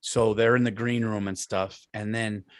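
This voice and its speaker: Animated man telling stories on a dry mic. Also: moderate pace, no room sound. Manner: animated storyteller who acts out quoted voices in a raised pitch; swears freely. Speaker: comedian and podcast co-host. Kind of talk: casual podcast chat.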